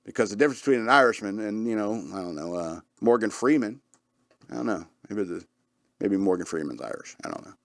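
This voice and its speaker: A man's voice: fairly low pitch, animated, fast talker, gravelly, a bit bright, dry recording, studio quality. A man hosting a radio show, talking in a casual, rambling way with frequent chuckles and restarts. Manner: rambling, chuckles often, many fillers and restarts. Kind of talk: casual rambling podcast chat.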